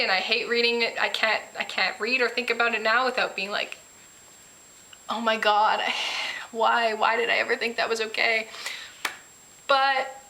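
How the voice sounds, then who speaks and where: A woman chats in a rambling, candid vlog, poking fun at herself as she goes. Her voice is bright and clear on top. The room echoes around her and the audio is poor. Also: medium pitch. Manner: candid, self-deprecating, rambling. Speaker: vlogger. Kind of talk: casual personal vlog.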